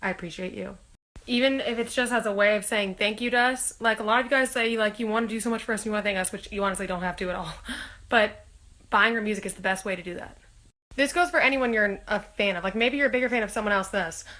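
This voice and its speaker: Young woman, fast-paced, bright voice, chatty and bubbly, a little under the weather, phone held at arm's length. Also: medium pitch. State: recovering from being sick. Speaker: singer talking to fans. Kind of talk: casual selfie vlog.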